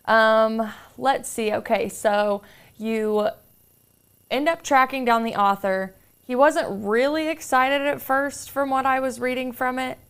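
A woman's voice: high-pitched, steady tone, slow, a bit bright, clear, resonant tone. A woman hosting a podcast, asking a guest questions in a casual, chatty way, often saying "like". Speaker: podcast host. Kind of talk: casual interview chat.

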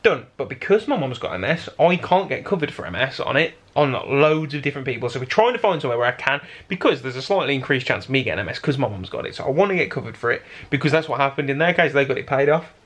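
A man's voice: mid-range voice, sing-song, quick pace, hardly any pauses, fairly bright tone. A young British man chatting casually to his vlog audience, rambling and correcting himself as he goes. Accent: British English. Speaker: vlog host. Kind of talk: casual chat to camera.

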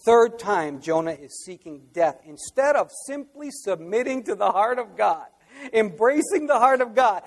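A man preaching a sermon as pastor, swinging from quiet asides to loud, impassioned outbursts. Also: sits high, expressive, unhurried, big-room sound.

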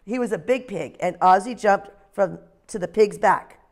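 A woman teacher leading a phonics lesson with young children and reading them a story in a slow, sing-song way. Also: medium pitch. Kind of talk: phonics lesson and read-aloud.

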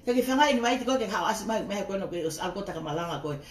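A woman's voice: medium pitch, expressive, rapid-fire. A woman ranting on a casual livestream, swearing heatedly and breaking off to greet viewers by name. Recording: roomy echo.

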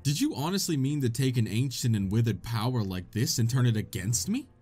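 A man's voice: mid-range voice, lively intonation, brisk, a little mellow, faint music behind, close to an everyday voice. A man voicing a menacing male shadow usurper king, speaking in a grandiose, theatrical manner. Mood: scornful.

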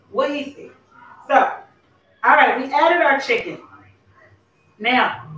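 A woman hosting a live cooking show, talking in a playful, chatty way straight to her viewers. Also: medium pitch. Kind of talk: casual live cooking chat. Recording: echoey room, dull lo-fi sound.

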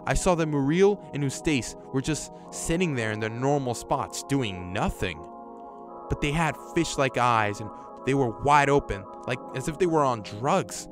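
A man reads a horror story aloud in a casual voice and breaks in with his own reactions. His voice sits at an ordinary middle pitch, and he swears now and then. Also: expressive, measured pace, music in the background. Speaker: YouTube storyteller. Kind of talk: reading a horror story with commentary.

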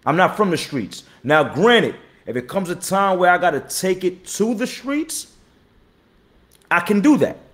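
A man's voice: sits high, lively intonation, a little slow. Blunt, profane battle rapper man. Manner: blunt, profane street talk, repeats himself, shouts out chat viewers. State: tired. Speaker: battle rapper hosting his own live stream. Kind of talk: casual live-stream talk.

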